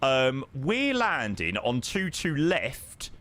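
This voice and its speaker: A man talks casually to his viewers while streaming. His mid-pitched voice is lively, rising and falling freely, and he fills gaps with ums and a friendly "mate". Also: takes it slowly. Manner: chatty, answers viewers with lots of ums and "mate". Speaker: live streamer flying a flight simulator. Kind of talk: casual live-stream chat.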